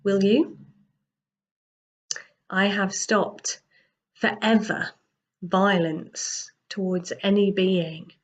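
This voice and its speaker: A serene old holy man , as a woman puts him on, soft and gentle, his voice lifted a little higher than hers. He speaks unhurriedly and calmly. The sound is dull and lo-fi. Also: slow.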